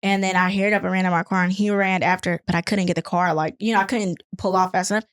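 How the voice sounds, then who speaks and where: A woman's voice: lowish voice, fairly even intonation, fast. A young woman co-hosting a podcast from a couch, telling rambling stories in casual chat, laughing often and swearing freely. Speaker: podcast co-host. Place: on a couch at home.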